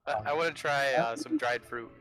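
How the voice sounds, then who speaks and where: A man's voice: mid-range voice, a little fast, a bit bright, faint music behind. A man playing a tabletop game over a video call, describing his character's reactions as he searches for words. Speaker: player.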